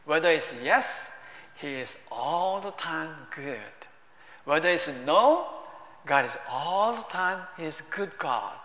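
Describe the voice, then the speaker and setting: Slow, high-voiced preacher in an echoing hall. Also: male voice, lively intonation. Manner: warm conversational preaching in broken English, rising to emphatic bursts. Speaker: pastor. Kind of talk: sermon. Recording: echoey hall with long reverb.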